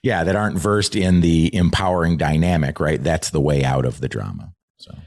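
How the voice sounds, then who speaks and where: A man's voice: a bass voice, moderate pace, a little mellow, no room sound, studio quality. A man who trains leaders, talking earnestly in a podcast conversation and swearing freely.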